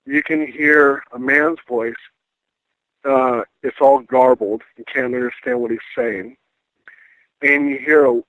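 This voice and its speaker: A middle-aged man tells a paranormal encounter with lively energy, slipping into the voices of the people he quotes. His voice sits at an ordinary pitch and comes through a thin, tinny phone line. The sound is dry and close. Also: dry recording. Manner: animated storyteller acting out quoted voices. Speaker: paranormal investigator guest. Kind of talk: casual storytelling on a radio call-in.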